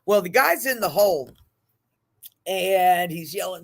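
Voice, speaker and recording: A man leading a recovery support group, telling stories in an animated, casual way with occasional swearing. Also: high voice, a little slow, gravelly.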